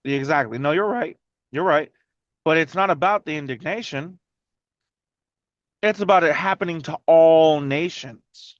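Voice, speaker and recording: A man's voice: fairly high pitch, a little slow, pauses often, dry recording, muffled recording. A man leading a casual Bible study who coaches a student directly, correcting and encouraging him as they go.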